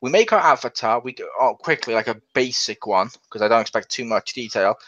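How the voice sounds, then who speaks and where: A young man co-hosting a casual chat about video games, talking in a chatty, animated way and laughing often. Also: mid-range voice, a little fast. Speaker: podcast co-host. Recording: dull lo-fi sound.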